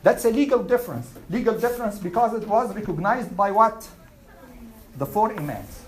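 A woman's voice: medium pitch, lively intonation, a little mellow, low-quality recording. Woman teaching a Quran class. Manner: asks the class questions and answers them; recites Arabic verses quickly. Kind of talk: classroom lesson.

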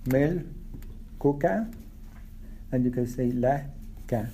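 A man teaching a language class at a very slow, deliberate pace. He repeats each word for his students. A faint hiss of room ambience sits under his voice. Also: fairly high pitch, expressive. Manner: slow, repeats words for learners. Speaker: Arabic teacher.

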